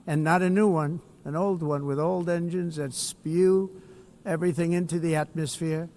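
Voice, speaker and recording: A man with a voice on the high side addresses an assembly as head of state from a podium mic in a large hall. The formal speech is blunt and boastful, full of repetition and rambling asides.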